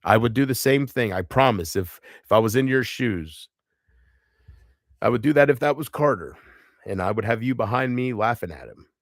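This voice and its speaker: A man talking on a livestream in a halting, emotional way, stopping, restarting and trailing off. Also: mid-range voice, animated, gravelly, no room sound, studio quality. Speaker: live streamer. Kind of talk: casual livestream chat.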